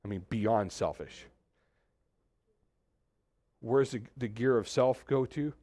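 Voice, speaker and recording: A man preaching a conversational sermon as pastor, animated, acting out quoted voices, with many restarts. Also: mid-range voice, slow, no echo, studio quality. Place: church suite, indoors.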